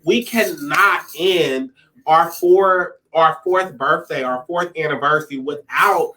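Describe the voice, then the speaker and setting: Bright, emphatic man giving a tribute. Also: fairly high pitch, takes it slowly, poor audio. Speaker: event co-host. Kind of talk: celebration tribute speech.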